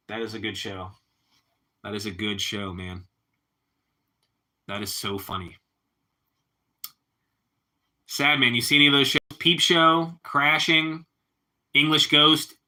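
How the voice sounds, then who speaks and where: A man's voice: medium pitch, bright, forceful tone. A man chatting casually with his livestream viewers in a laid-back way, laughing often and ending lines with "bro" and "man.".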